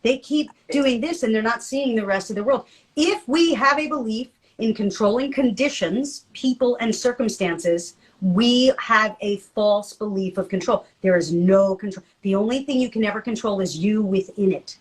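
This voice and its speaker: A middle-aged woman co-hosts a podcast in easygoing chat. Her voice sits a touch high, and she talks in an animated, jokey way with frequent laughter. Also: normal speed, breathy edge, low-quality recording. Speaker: podcast co-host. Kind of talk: casual chat.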